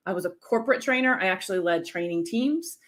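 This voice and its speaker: An energetic American speaking coach in middle age runs a live-stream lesson, checking in with her viewers often. Her pitch is medium and she talks fast.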